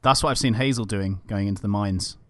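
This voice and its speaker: A man's voice: fairly low pitch, fairly quick, a bit bright, no echo, clean studio sound. A man co-hosting a casual podcast, teasing and fond of dramatic announcing. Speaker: podcast co-host. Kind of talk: casual chat over a call.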